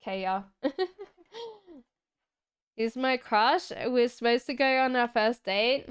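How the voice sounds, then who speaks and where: A woman with a strikingly smooth, slightly high voice reads tarot cards on a casual live stream. She talks slowly and chattily, reassuring viewers and answering them straight from the chat. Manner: chatty and reassuring, laughs often. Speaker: tarot reader.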